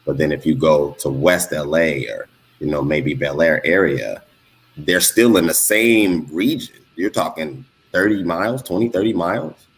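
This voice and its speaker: A Los Angeles man with a bass voice co-hosts a podcast, speaking at normal speed in a casual discussion. He asks questions hesitantly, with fillers and restarts.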